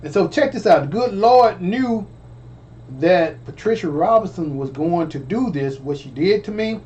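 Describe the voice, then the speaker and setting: A vlogger with a high, slightly mellow voice, lively intonation and a measured pace shares a personal story in a relaxed way, with the highs cut off in the audio. He stammers, repeats phrases and calls out to his listeners.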